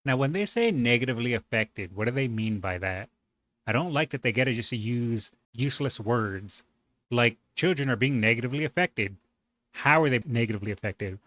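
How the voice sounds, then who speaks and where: A man's voice: medium pitch, lively intonation, brisk, a bit bright, no echo. A man hosting a reaction video, commenting casually with sarcasm and indignant rhetorical questions.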